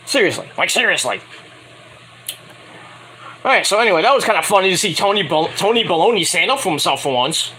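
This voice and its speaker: Over slight background noise, a brisk, high-voiced man gives a meandering, foul-mouthed recap of wrestling. He acts out the wrestlers' lines with mock voices, full of animation.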